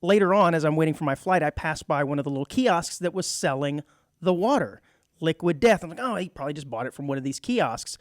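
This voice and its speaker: Casting note: male radio co-host, fairly high voice, jokey, reads news aloud, dry studio sound. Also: expressive, quick pace, no echo. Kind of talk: casual studio chat.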